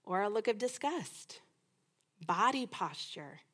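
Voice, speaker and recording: A middle-aged woman teaching a women's Bible study lesson in a lively, conversational way, acting out little quoted exchanges as she goes. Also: medium pitch, takes it slowly.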